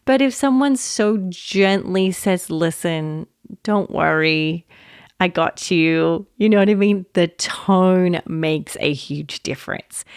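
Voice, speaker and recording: Woman podcast host, slow easy pace, gentle and reflective, dry close sound. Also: mid-range voice, clean tone, dry recording. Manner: warm, gentle, reflective, laughs often. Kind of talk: solo podcast talk.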